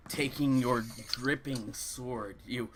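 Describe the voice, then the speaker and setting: A young man narrating as dungeon master, describing the fight in lively detail and calling for rolls. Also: mid-range voice, takes it slowly, noisy background. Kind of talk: narrating a tabletop game.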